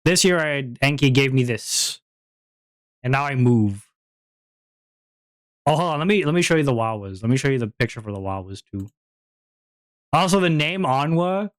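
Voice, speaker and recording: A man's voice: medium pitch, expressive, normal speed, pauses often, no echo. Rambling young man streamer, dry sound. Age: young adult. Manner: rambling, repeats words, laughs often. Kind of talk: casual stream chat.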